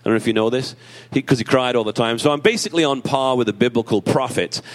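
Tearful man preaching conversationally. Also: fast. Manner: emotional, conversational preaching with self-deprecating humor; rises in pitch and emphasis when reading scripture. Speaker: pastor. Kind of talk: sermon.

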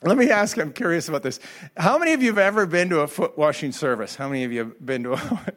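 A man's voice: fairly high pitch, expressive, quick pace, a bit bright. A middle-aged man preaching a sermon to a church audience, telling a humorous personal story and laughing often as he goes. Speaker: pastor. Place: church hall before an audience.

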